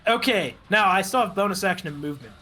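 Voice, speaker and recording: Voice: medium pitch, fast, faint music behind. Fluchende Person mit heller, scharfer Stimme. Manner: excitable, swears a lot. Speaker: player. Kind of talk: tabletop game play, casual chat.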